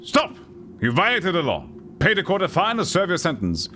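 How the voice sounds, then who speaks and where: Man doing a stern guard in a higher pitch, loud commanding barks. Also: wildly swooping pitch, moderate pace, slight background noise, full character voice. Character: stern male town guard barking an arrest.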